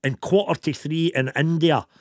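A man's voice: a little high, fairly even intonation, normal speed, dry recording, studio quality. A man hosting a casual chat, asking questions with enthusiasm. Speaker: host.

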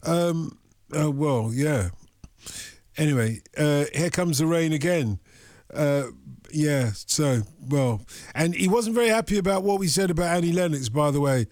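A man hosting a late-night radio phone-in, joking in a dry, deadpan way from a studio mic. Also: a little high, normal speed, no room sound. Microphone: studio microphone.

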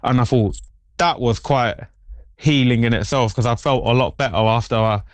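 A man, a podcast guest, telling personal stories in a lively, colloquial, slangy way. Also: medium pitch, normal speed, no room sound. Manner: animated storytelling, colloquial slang. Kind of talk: candid podcast conversation.

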